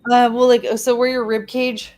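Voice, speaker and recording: A woman's voice: a little high, level tone, moderate pace, darkish tone, faint music behind. A woman in a casual chat, explaining things in a loose, chatty way with lots of "like" fillers.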